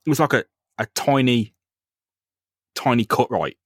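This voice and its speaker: A man's voice: medium pitch, animated, measured pace, dry recording, studio quality. A young man hosting a podcast, retelling a comic in casual chat, laughing often and acting out the characters. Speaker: podcast co-host.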